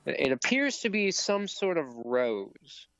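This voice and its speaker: A man narrating a tabletop game as game master, slow and halting with many fillers. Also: high voice, sing-song, a bit bright, clean tone, no room sound, lo-fi sound, soft background music.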